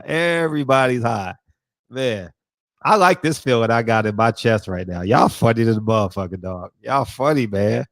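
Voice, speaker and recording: A man hosting a casual livestream, from the American South, trading loud, profane, laughing banter with his viewers. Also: fairly low pitch, no echo, studio quality. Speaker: livestream host chatting with viewers.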